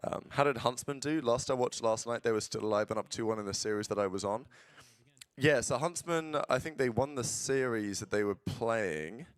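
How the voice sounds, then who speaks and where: In a dry recording, a man of medium pitch speaks at a normal speed while streaming casual commentary over esports matches. He's blunt, curses, and breaks out into excited play-by-play.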